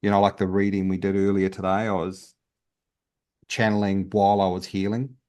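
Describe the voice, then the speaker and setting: A man's voice: low-pitched, little pitch movement, normal speed, a little mellow, smooth. A man, a guest healer, telling his story in a casual interview in an earnest, open way with many restarts.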